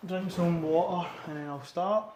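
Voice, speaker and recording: A man with a Scottish accent chats in a relaxed way during a training session and answers viewers' questions as he goes. His voice sits fairly high. The room echoes and faint noise hums behind him. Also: normal speed. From Scotland. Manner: relaxed, chatty, says "wee" a lot, reads and answers chat questions. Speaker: powerlifter streaming his training. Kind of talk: casual live-stream chat while training.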